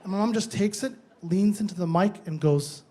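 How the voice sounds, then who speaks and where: A man performing a stand-up comedy set on stage, telling a story with quick, punchy asides. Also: high voice, warm tone.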